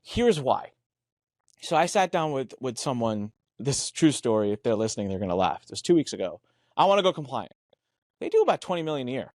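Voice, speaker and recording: On clean studio audio without echo, a podcast co-host with a mid-range, slightly mellow voice speaks quickly and very animatedly. In this lively business chat, he tells stories with emphasis, performs the dialogue he quotes, and curses casually.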